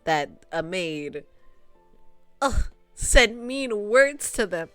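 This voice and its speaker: A young adult woman streamer giving casual commentary while playing a visual novel, laughing often and swearing in animated reactions. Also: medium pitch, very slow, clear, resonant tone, no room sound, soft background music.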